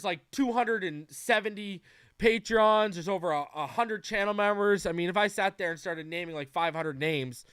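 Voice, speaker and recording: Male podcast host, casual livestream chat, fairly high and smooth voice, talkative, lots of fillers. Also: fairly bright tone, no room sound, clean studio sound. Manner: loose and chatty, greets viewers by name; frequent fillers and restarts.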